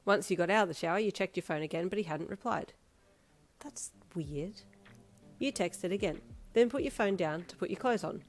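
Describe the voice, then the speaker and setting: A woman narrating a fan fiction audio story in a steady, even read. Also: medium pitch, quick pace. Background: faint instrumental music.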